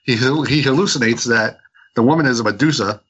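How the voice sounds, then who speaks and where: A man's voice: medium pitch, a little fast, a bit bright, husky, dull audio. A man co-hosting a comic book podcast, retelling a story in a rambling way with many restarts. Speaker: podcast co-host. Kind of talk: casual comic book review chat.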